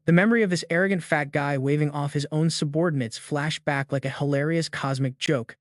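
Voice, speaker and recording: A man's voice: fairly high pitch, fairly quick, few pauses, dry recording, clean studio sound. A man narrating a comic recap in a dramatic, emphatic storytelling manner.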